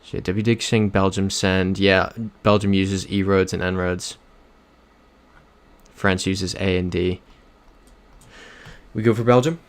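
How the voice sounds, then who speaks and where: Young man, low voice, gravelly fry, rambling casual streamer, reads chat aloud. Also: fairly even intonation, measured pace, pauses often. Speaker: livestreamer. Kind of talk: casual chat while playing a geography game.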